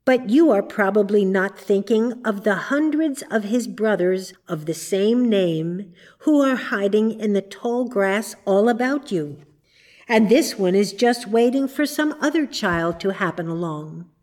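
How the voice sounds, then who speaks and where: A woman voicing a male dream spirit in a storybook, dry, teasing and monotonous. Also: mid-range voice, measured pace, close to an everyday voice.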